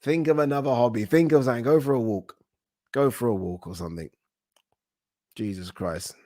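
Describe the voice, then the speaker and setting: An excitable British man chats on his live stream, swearing now and then as he answers viewers. His voice sits at an ordinary middle pitch. The sound is dry, with no room echo. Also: fairly quick. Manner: excitable, chatty, swears casually. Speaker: boxing livestream host. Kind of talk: casual livestream chat.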